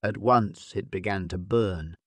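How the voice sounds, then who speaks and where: A man slowly narrating a graded-reader story for English learners, reading clearly and deliberately. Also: deep voice, no echo.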